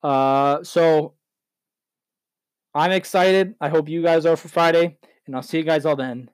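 A man's voice: a little high, fairly even intonation, a little slow, no echo. A man hosting a solo sports talk podcast, rambling, heated and correcting himself as he goes.

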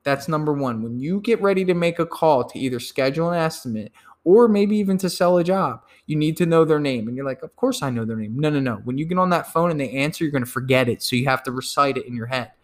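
A man's voice: fairly high pitch, fast. Emphatic man coaching sales calls. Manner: emphatic, acts out phone calls; repeats words when excited. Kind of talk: sales training talk.

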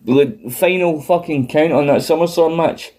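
A man's voice: fairly high pitch, normal speed. A man chatting casually on a wrestling podcast, swearing a lot and laughing often. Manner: profane, animated, laughs often. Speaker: podcast co-host.

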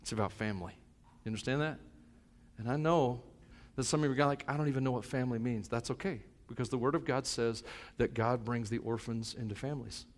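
A middle-aged male pastor preaching a sermon, moving between soft, reflective asides and loud, fervent stretches. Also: medium pitch, fairly quick, in a large hall.

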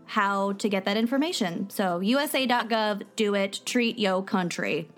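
A woman's voice: mid-range voice, normal speed, a bit bright, soft background music. A young adult woman co-hosting a podcast, earnest but joking in casual chat. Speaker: podcast co-host.

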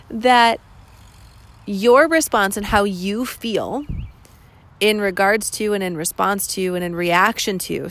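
A woman's voice: on the low side, creaky. A woman in her thirties hosting a solo podcast, talking candidly and reflectively, often quoting the questions she asks herself. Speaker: podcast host. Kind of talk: casual solo podcast talk.

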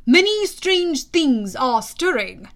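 A woman voicing a group of earnest seahorse creatures who speak slowly and solemnly in an audiobook. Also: high voice, big pitch swings, a bit bright, heavily acted.

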